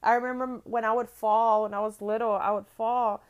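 A woman's voice: a little high, little pitch movement, normal speed, clear, resonant tone. A middle-aged woman giving an earnest motivational talk. She repeats phrases for emphasis and often checks in with "right?". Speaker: motivational speaker.

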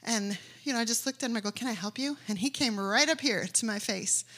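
A woman's voice: a little high, fairly quick, a bit bright. A woman preaching a sermon, telling stories animatedly and rising to emphatic declarations.

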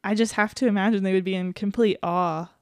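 A woman of middle pitch co-hosts a casual faith podcast. She speaks earnestly, laughs easily and reads scripture aloud. The recording is dry and close. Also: fairly even intonation, brisk, darkish tone, dry recording. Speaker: podcast co-host.

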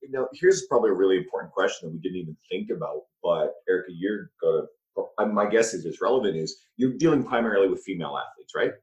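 A man hosting a podcast, asking measured questions and steering the talk. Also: low voice, lively intonation, darkish tone, echoey room, dull audio. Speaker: podcast host. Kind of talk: casual podcast interview.

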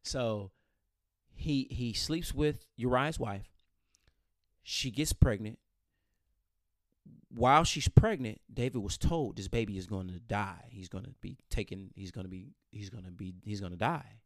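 A man with a fairly low voice talks at a slightly slow pace, recorded dry with studio quality. In casual conversation he animatedly retells a personal story, repeating phrases and acting out what other people said.

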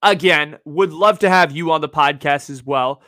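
A young podcast host from the San Francisco Bay Area delivers a loose, one-sided monologue in a fairly high, bright, forceful voice at a moderate pace. He rambles and repeats himself, padding gaps with "like" and "you know," in a dry, clean studio recording.

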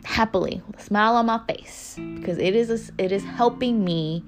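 A young podcast host talks casually and candidly to motivate listeners, cursing freely and echoing phrases to stress them. Her mid-range voice moves briskly, with music playing underneath.

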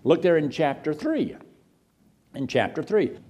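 A man delivers a sermon in a somewhat high, very lively voice. He reads verses aloud and breaks into mocking impressions of doubters. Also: measured pace. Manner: expressive preaching, mocking voices of scoffers. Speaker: preacher.

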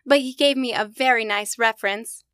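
An actress playing a scatterbrained, sweetly naive young secretary in a 1940s radio sitcom, with a wide-eyed, innocent delivery. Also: female voice, fairly high pitch, normal speed, fairly bright tone, clear, resonant tone, no echo, studio quality, natural voice.

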